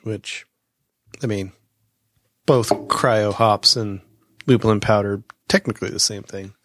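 A man's voice: fairly low pitch, steady tone, a little slow, background noise. A man co-hosting a podcast in casual chat, matter-of-fact and explaining.

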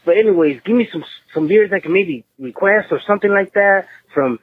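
A man putting on a high slangy barrio dude with a Chicano accent. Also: animated, brisk, breathy edge, phone-quality sound. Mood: laid-back. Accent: Chicano English. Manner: exaggerated put-on drawl, slangy and rambling. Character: swaggering Mexican-American barrio guy, joking and laid-back. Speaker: voicemail caller.

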